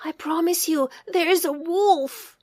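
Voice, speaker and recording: A woman voicing a bored, mischievous young shepherd boy, shouting high calls for help in a storybook reading. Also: measured pace, no echo, clean studio sound. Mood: pleading.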